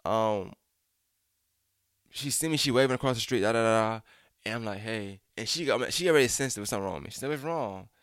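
A man's voice: mid-range voice, quick pace, pauses often, no echo, studio quality. A young adult man telling a personal story casually, acting out the voices of the people in it, with slang and frequent restarts. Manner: animated, acts out quotes, frequent restarts and slang.

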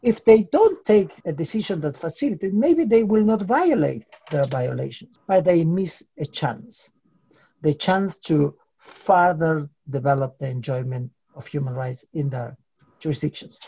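A man answering interview questions in a measured, formal, lecturing way, sometimes posing rhetorical questions. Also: fairly high pitch, expressive, vocal fry, warm tone, slightly rough. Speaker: human rights expert interviewee. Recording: dull lo-fi recording.

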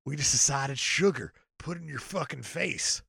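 A man with a slightly high, gravelly voice riffs through a comedic movie podcast, swearing freely and swinging his pitch all over. His tone is bright and tense, recorded dry and close. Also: normal speed, no echo. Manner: profane, animated, jokey rants. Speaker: podcast co-host. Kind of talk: casual comedic movie chat.

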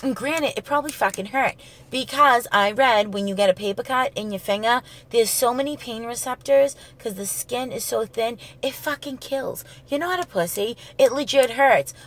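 A woman's voice: on the high side, normal speed, a bit bright. A woman telling stories in a casual, profane, rambling way, going off on tangents. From New England. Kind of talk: casual storytelling monologue.

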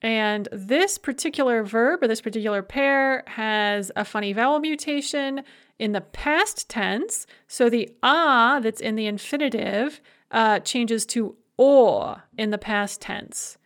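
A woman teaching a language grammar lesson, explaining verb forms in a clear, methodical way and slowing down to spell out each form. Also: a little high. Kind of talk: recorded grammar lecture.

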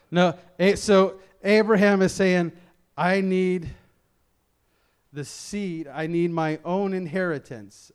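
A middle-aged lay preacher from Memphis, Tennessee, gives a loose, chatty sermon, often restarting his sentences and poking fun at himself. He has no regional accent. His smooth, resonant voice sits a little high for a man.

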